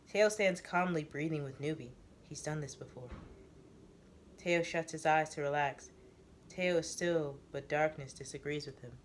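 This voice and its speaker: A man narrates a story in the first person, reading it aloud. His voice sits a little high for a man, and he moves through the scene in a steady, descriptive way. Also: normal speed, a little hiss or hum.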